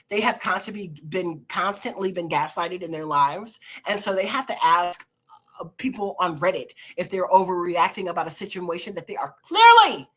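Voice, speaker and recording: A woman hosting a show, reading online posts aloud and reacting with animated, sassy commentary. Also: lowish voice. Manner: animated, sassy commentary with sudden loud outbursts. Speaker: host.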